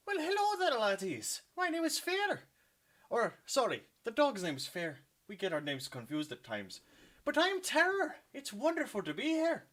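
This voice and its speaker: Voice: mid-range voice, huge pitch swings, moderate pace, fairly bright tone, voice pushed up. A jolly male tiefling nightblade with a thick put-on Irish lilt. The voice sits far above ordinary talk and bounces all over, chummy and eager. It sounds like a storybook leprechaun.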